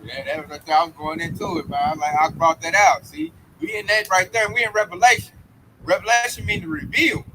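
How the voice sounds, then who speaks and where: A man in a casual religious discussion, talking in an animated, slangy way and slipping into quoted voices. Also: sits high, brisk, a little hiss or hum, rough recording. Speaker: discussion participant.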